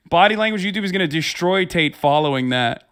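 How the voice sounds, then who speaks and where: Heated, profane streamer, higher-pitched man. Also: bright, forceful tone, clean tone. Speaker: livestream host. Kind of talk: casual streamer commentary.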